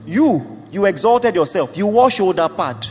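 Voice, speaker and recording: A man's voice: high-pitched, animated, unhurried, darkish tone. A man preaching a sermon, emphatic and laughing at his own jokes as he acts out Bible figures. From Nigeria. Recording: muffled hall recording with music.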